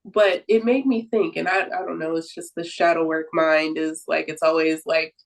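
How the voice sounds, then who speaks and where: Earnest low-voiced woman, podcast guest. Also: steady tone, moderate pace, vocal fry, poor audio. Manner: reflective and earnest, with frequent "like" fillers and easy laughter. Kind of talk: casual conversational podcast talk.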